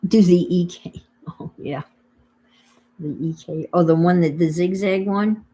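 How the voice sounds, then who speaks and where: A woman's voice: fairly low pitch, a little slow, warm tone. An older woman with a New York accent, chatting casually to viewers on her crafting livestream while she works. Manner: chatty, thinks aloud while working, greets viewers.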